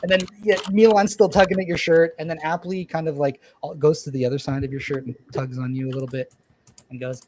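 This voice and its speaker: A man's voice: a little high, level tone, quick pace, a little mellow, a little hiss or hum. A man narrating as game master for a tabletop game, rambling with frequent ums and restarts.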